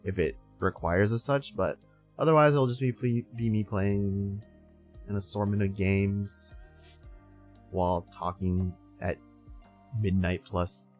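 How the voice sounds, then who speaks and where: Young man, sleepy streamer, rambling casual chat, lowish voice, faint music behind. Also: slow, a little mellow. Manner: sleepy, rambling, laughs often. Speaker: streamer host.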